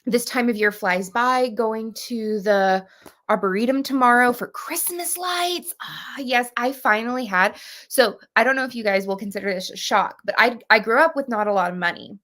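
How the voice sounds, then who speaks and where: A woman's voice: fairly high pitch, normal speed, bright, forceful tone. A woman in her thirties hosting a book club livestream, bubbly and chatty, greeting viewers by name. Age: 30s. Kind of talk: casual livestream chat.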